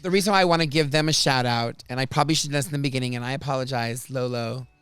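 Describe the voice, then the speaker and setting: A man hosting a podcast, telling stories from his life in a chatty, animated way. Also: mid-range voice, very fast, clear, resonant tone, soft background music. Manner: chatty, animated, restarts and laughs often. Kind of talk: casual storytelling chat.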